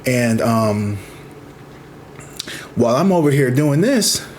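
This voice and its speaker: Animated profane man in his thirties. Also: medium pitch, slow pace, a little hiss or hum. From Missouri, USA. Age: 30s. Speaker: vlogger. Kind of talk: casual storytelling.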